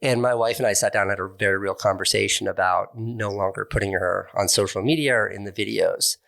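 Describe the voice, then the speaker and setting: A man's voice: fairly low pitch, steady tone, brisk, gravelly, a bit bright. A middle-aged man speaking as an interview guest, candid and thoughtful, often restarting his words as he reflects. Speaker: interview guest, online video creator.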